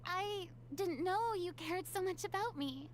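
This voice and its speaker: Furina, a very high, slow-spoken goddess. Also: female voice, slight background noise. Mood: wistful. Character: theatrical young goddess, proud yet lonely. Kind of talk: game character voice lines.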